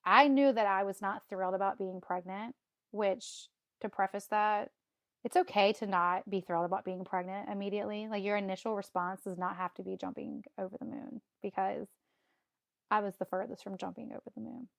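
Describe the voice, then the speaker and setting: A woman's voice: mid-range voice, fairly even intonation, a little fast, creaky, dry recording, studio quality. A woman in her thirties telling her own story as a podcast guest, acting out her past reactions and laughing often. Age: 30s. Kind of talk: casual storytelling.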